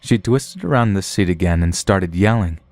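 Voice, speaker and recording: A man narrates a scripted horror story in a calm, matter-of-fact manner. His voice is very deep. The recording is close and dry, with no room sound. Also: moderate pace, dry recording.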